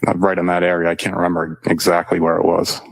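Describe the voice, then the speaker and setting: A man, a firefighter, testifying in court with hesitant, short answers and many pauses. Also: low voice, monotone, vocal fry, low-quality recording. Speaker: firefighter witness. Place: courtroom witness stand.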